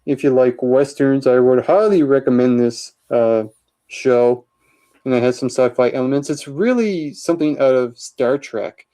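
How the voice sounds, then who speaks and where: A man in a casual vlog, going through his movie collection and giving chatty, opinionated takes, often pausing with uh and um. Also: medium pitch, warm tone. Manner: chatty, opinionated, with many uhs while listing titles. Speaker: vlogger showing his DVD collection.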